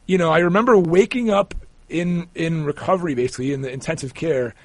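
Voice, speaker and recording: Animated higher-voiced man telling stories. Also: fast, dry recording. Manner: animated, rambling with repeated restarts. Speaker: guest, sportswriter. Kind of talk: casual storytelling interview.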